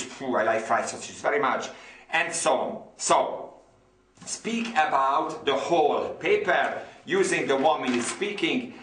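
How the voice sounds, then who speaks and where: A native Hungarian speaker with a Hungarian accent teaches an online English lesson with enthusiasm, his medium-pitched, fairly bright voice reverberant as he repeats words and uses lots of fillers.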